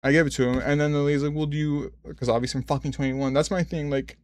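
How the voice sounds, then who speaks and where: A man's voice: on the high side, steady tone, fast, darkish tone, dry recording, clean studio sound. A twenty-five-year-old man streaming, telling a long story in casual chat, rambling, swearing and correcting himself as he goes. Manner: rambling, profane, self-correcting.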